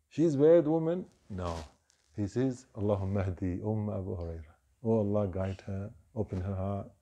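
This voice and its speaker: Animated man telling a mosque story. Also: medium pitch. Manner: animated storytelling, acts out quoted voices, frequent Arabic phrases. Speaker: imam giving a short evening reminder. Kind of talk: storytelling sermon.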